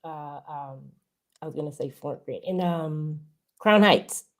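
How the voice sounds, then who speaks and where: A woman from Los Angeles, California, appears as a guest YouTuber in a casual live chat, asking curious, friendly questions. Her voice is low-pitched and her pace a little slow.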